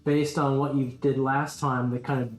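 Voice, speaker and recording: A man's voice: medium pitch, little pitch movement, moderate pace, reverberant, faint music behind. A man narrating as game master of a tabletop game, hesitant, with many ums and restarts.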